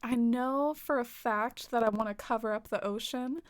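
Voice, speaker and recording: Her voice a little high and her pace moderate, a Southern woman with a light twang chats casually on a game stream. She reads viewer comments aloud and giggles often between sentences loaded with fillers.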